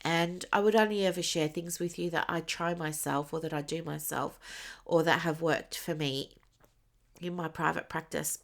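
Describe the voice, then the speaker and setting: A woman's voice: sits low, steady tone, moderate pace, gravelly. A woman hosting a solo podcast as a business coach, chatting casually with many fillers and small laughs, and she has the hiccups. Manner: chatty and warm, with frequent fillers and little laughs.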